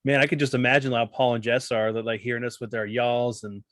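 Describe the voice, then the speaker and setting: A man's voice: mid-range voice, flat delivery, fast, a bit bright, no echo, clean studio sound. A man with a Texan accent, an easygoing podcast co-host who laughs a lot in casual chat. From Texas.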